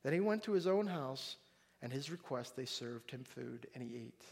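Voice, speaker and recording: A middle-aged male pastor preaching a sermon, animated and acting out the voices of people in the story. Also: medium pitch, normal speed, gravelly, background noise. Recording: long hall reverb.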